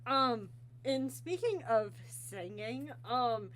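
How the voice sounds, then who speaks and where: A woman's voice: mid-range voice, unhurried, a little hiss or hum. A woman hosting a casual interview show, rambling and giggly, teasing herself as she talks.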